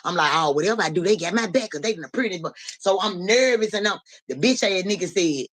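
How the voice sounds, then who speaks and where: A woman hosting a live stream, telling a street story in a casual, slangy, profane way. She keeps asking "you know what I'm saying" and jumps high and loud when she acts out voices. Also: animated, quick pace, hardly any pauses, no room sound.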